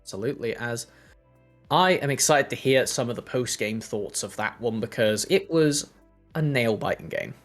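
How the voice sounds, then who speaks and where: Male esports caster, mid-pitched, analytical play-by-play over faint music. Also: normal speed. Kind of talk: esports commentary.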